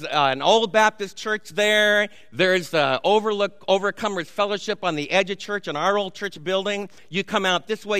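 A man's voice: high-pitched, sharp tone, clear, resonant tone, dry recording, long reverb tail. A man, a pastor preaching a sermon in a church, telling stories conversationally with asides to the congregation. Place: church sanctuary.

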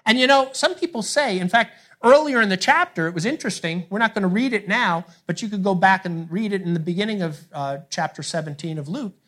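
A man's voice: high-pitched, animated, brisk, hardly any pauses, a bit bright. A male pastor preaching a sermon in an earnest way, putting rhetorical questions to his congregation.

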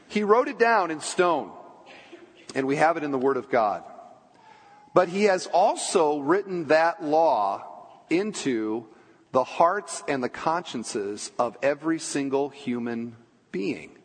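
A male pastor with a fairly high, slightly husky voice preaches to his congregation. He talks in a conversational way, poses questions, slips in playful asides, and sinks into a hushed tone for the weighty parts. His words ring out with the long reverb of a church sanctuary. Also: big pitch swings, slow pace. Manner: drops low and quiet for solemn points. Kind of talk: sermon.

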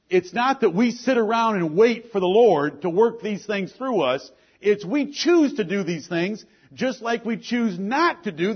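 A man preaching a sermon with force, asking pointed questions and swinging between loud and low lines. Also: breathy edge, dull audio. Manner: forceful preaching, rises and drops sharply, rhetorical questions. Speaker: pastor.

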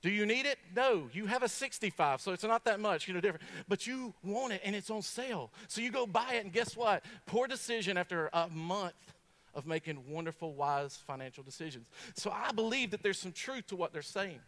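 High-voiced preacher, folksy and funny. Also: male voice, fairly quick. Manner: folksy, humorous, animated storytelling. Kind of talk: sermon.

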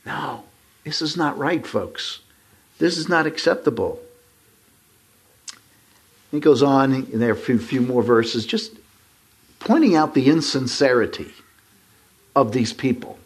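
A man delivering a sermon in a slightly husky voice. His pitch swings widely as he leans into his points. He reads scripture and talks straight to the congregation. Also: expressive, a little slow, pauses often. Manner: emphatic, rising to stress points and addressing the congregation as folks. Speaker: preacher.

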